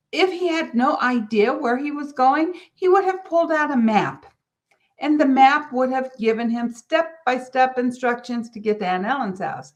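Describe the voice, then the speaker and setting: A middle-aged woman from California hosting a motivational business podcast, telling a family story with lively, animated delivery. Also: sits high. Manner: storytelling, animated, quotes others in character. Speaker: podcast host.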